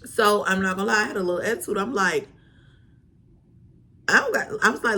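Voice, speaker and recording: A woman vlogger telling a storytime, sassy and animated, full of slang. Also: mid-range voice, brisk. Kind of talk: storytime vlog.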